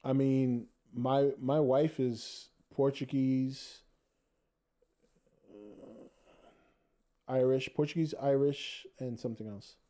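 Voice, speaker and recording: A man's voice: mid-range voice, steady tone, takes it slowly, long pauses, dark tone. A man hosting a casual podcast, reading viewer comments aloud and joking with the chat. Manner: laid-back, jokey, reads viewer comments aloud.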